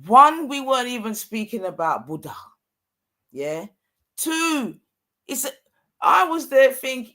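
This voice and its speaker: A man's voice: very high-pitched, big pitch swings, measured pace, pauses often, sharp tone. A young man, ranting in heated casual talk with street slang, exasperated and repetitive. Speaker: streamer.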